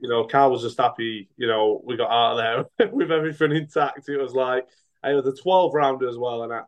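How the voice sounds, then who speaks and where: Frank, rambling boxer. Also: male voice, medium pitch, a little fast, highs cut off. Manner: rambling, many restarts and fillers, frank. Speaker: professional boxer and coach. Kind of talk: casual interview talk.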